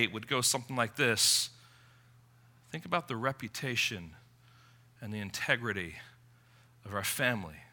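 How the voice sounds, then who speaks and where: A man preaching a sermon, emphatic, moving from quiet reflection to forceful appeals. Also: mid-range voice.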